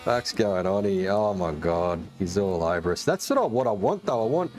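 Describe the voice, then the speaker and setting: A man with an Australian accent commentating casually as he plays a racing game, excitable, swearing often and calling everyone mate. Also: lowish voice, moderate pace, a little hiss or hum. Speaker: gaming streamer. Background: game music and engine sounds.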